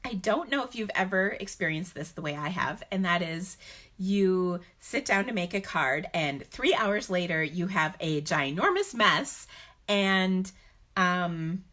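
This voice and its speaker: A woman's voice: lowish voice, lively intonation, measured pace, a bit bright. A woman hosting a live card-making stream, talking in a chatty, rambling way with many fillers. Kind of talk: casual live-stream talk.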